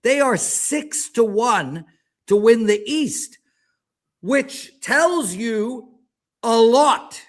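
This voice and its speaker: A man in his fifties, a sports betting handicapper talking in an animated, ranting, exaggerated way during a casual chat. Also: very high voice, very slow. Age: 50s.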